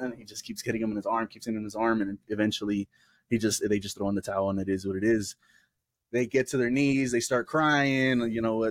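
A young man co-hosts a casual podcast. His voice sits low and sounds close and dry, with no room around it. He retells scenes with energy and slips into the voices of the people in them. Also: fast, no room sound. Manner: animated storyteller, acting out quotes. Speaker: podcast co-host. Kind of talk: casual chat.

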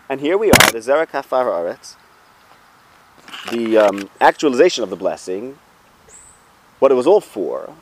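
A man teaching a Torah lesson in a relaxed, conversational way, his mid-range voice rising and falling with lively movement. He thinks aloud, circles back and poses questions to his listeners. Faint traffic noise hums in the background. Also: mid-range voice, fairly quick.

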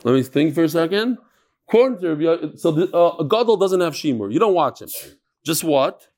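A man's voice: fairly high pitch, big pitch swings, a little fast, darkish tone. A man, teaching a Talmud class and telling stories with Hebrew and Yiddish terms.

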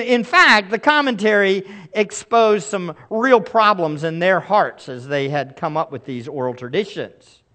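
A man's voice: high voice, fairly bright tone. A man in middle age, a pastor preaching a sermon in an earnest, emphatic way with pleading asides.

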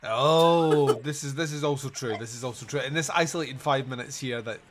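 A man's voice: medium pitch, normal speed, slight background noise. A man hosting a podcast, reviewing a movie in casual chat, sarcastic and rambling with frequent laughs. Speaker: podcast host.

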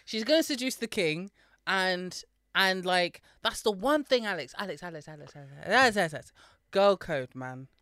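A woman co-hosting a podcast, talking loudly, teasing and swearing freely in casual chat. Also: fairly low pitch, lively intonation, normal speed, dry recording, studio quality. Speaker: podcast co-host.

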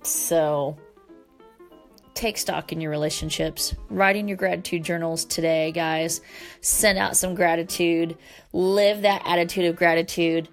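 A woman's voice: on the low side, fairly even intonation, a little slow, soft background music. A woman hosting a solo talk show, speaking earnestly and from the heart to her listeners, with the odd casual swear word. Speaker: podcast host.

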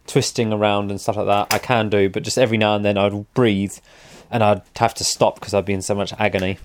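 A man's voice: on the low side, little pitch movement, fairly quick, slight background noise. A man, a motorcycle vlogger, telling a story in a casual, rambling and wry way, often correcting himself.

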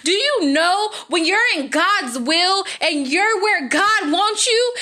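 A woman's voice: very high-pitched, expressive, slow pace, bright, forceful tone. A woman giving an emotional religious testimony to her viewers, fervent and repeating praise phrases, her voice at times breaking with feeling. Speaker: vlogger giving a faith testimony.

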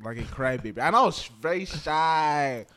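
A man co-hosting a casual podcast, relaxed and reflective, often saying "bro". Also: on the high side, normal speed. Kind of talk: casual chat.

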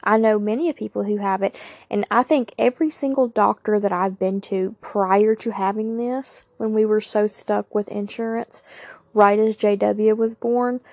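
A woman's voice: mid-range voice, fairly even intonation, normal speed, a little mellow, no room sound, studio quality. A young woman, candidly telling a personal story on her podcast with emphatic asides to listeners. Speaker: podcast host.

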